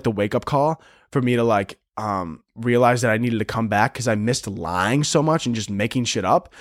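A young man hosting a solo comedy podcast, rambling and sarcastic, swearing often and breaking into squeaky mocking voices. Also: no echo, studio quality. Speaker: podcast host.

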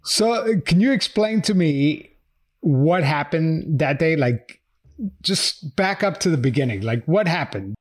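A man's voice: on the high side, expressive, a little slow. A man hosting a true-crime podcast, narrating updates and interviewing a guest in a conversational way. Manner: conversational, reads text messages aloud. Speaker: podcast host.

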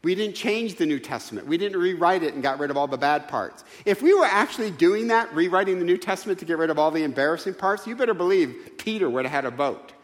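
A man's voice: a little high, expressive, fast talker, hardly any pauses, in a large hall. A man preaching a sermon in a church, emphatic and full of rhetorical questions. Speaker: pastor. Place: church sanctuary.

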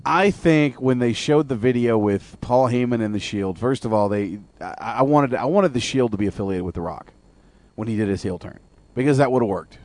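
A man's voice: medium pitch, normal speed, darkish tone. A man co-hosting a radio show, rambling through his opinions and searching for words. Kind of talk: casual wrestling talk.

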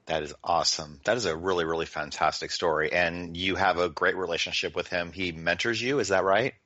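A man's voice: low-pitched, steady tone, brisk, sharp tone. A man hosting an interview, affirming the guest and asking follow-up questions. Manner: affirming, encouraging responses. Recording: echoey, muffled sound.

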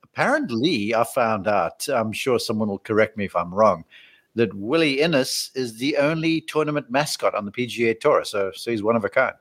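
A man of mid-range pitch talks golf in a loose, easygoing manner, pausing and restarting often. He sounds like a regular analyst chatting with a co-host. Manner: relaxed, rambling, many fillers and restarts. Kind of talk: casual golf analysis chat.

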